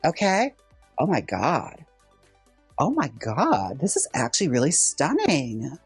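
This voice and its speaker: Styling a wig for a laid-back vlog, a drag queen host delivers campy, sassy, animated chatter. His voice is a little high and husky, he takes his time, and the clean, echo-free audio has soft music underneath.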